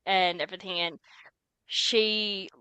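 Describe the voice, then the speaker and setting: Woman, podcast co-host, bright and vivid storyteller, dry close sound. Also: medium pitch, takes it slowly, clear, resonant tone, no echo, poor audio. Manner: lively storyteller, acts out quoted voices. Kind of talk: casual group chat.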